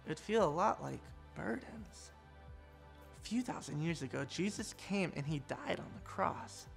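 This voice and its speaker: A woman's voice: lowish voice, expressive, a little slow, gravelly, soft background music. A woman giving an online children's church sermon, telling the story animatedly and talking straight to the kids. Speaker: children's pastor.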